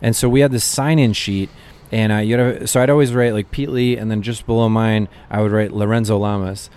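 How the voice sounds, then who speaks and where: A man's voice: fairly low pitch, a little fast, clean tone. Man telling comedy stories. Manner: animated anecdotes with frequent fillers. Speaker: comedian guest. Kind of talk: casual storytelling chat.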